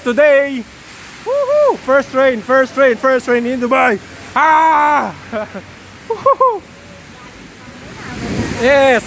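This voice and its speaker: A Filipino man vlogging outdoors on a handheld phone, excitable and whooping often. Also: very high-pitched. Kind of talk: excited casual vlog. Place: outdoors in rain and wind. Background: faint wind and rain.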